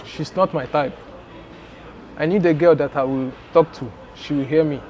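A man's voice: a little high, steady tone, moderate pace, noisy background. A man with a Nigerian Pidgin accent acting an insistent blind date in a comedy skit. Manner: insistent, speaks Pidgin on the phone.

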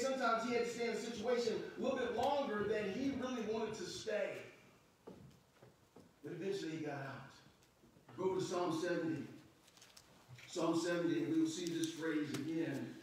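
High-voiced preacher in an echoey church. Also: male voice, a little hiss or hum. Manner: preaching in King James scripture readings, rising and shouting passionately in bursts. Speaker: pastor. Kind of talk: sermon. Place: church sanctuary. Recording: echoey church hall from far off.

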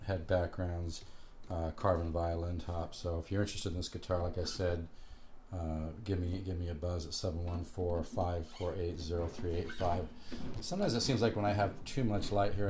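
A man's voice: sits low, mellow, a little hiss or hum. A man giving a casual guitar lesson, talking in a loose, rambling way with restarts. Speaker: guitar teacher. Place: home room near the beach. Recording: guitar playing clearly under the voice. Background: guitar playing.

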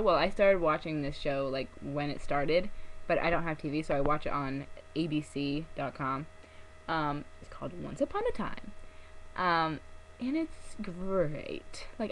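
A young woman chats to her camera in a gushing, rambling way, full of fillers and giggles. Her voice sits a little low, but it swoops up and down all the time. A faint hum runs behind her. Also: poor audio. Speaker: vlogger. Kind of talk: casual chat to camera.

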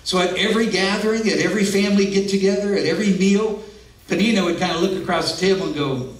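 Earnest male pastor giving a conversational sermon with personal asides, fairly high voice, echoey church, heard from a distance. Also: fast talker. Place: church sanctuary. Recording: echoey room, mic at a distance.

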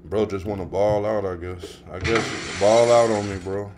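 A man's voice: moderate pace, noisy background. A man streaming a game live, talking in slangy trash-talk to other players. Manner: slangy, trash-talking, bursts into high excited yelling. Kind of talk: live gameplay commentary.

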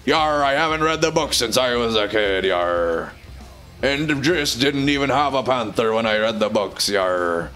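A man's voice: medium pitch, expressive, unhurried, fairly bright tone, faint music behind. A streamer voicing a blustering male pirate captain who keeps growling yar. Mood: gruff. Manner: gruff, tacks yar onto lines.

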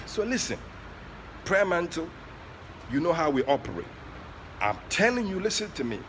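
A man with a Ghanaian accent preaching during an online prayer session, moving between soft asides and loud, passionate exclamations. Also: a little high, very animated, moderate pace, slight background noise. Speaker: prophet leading online prayer. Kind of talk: sermon.

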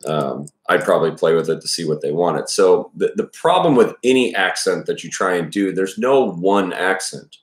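Low-voiced rambling man from Texas. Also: animated, normal speed, few pauses. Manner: rambling and self-correcting, swears freely. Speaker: host reading a novel aloud with commentary. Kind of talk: casual spoken commentary. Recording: roomy echo.

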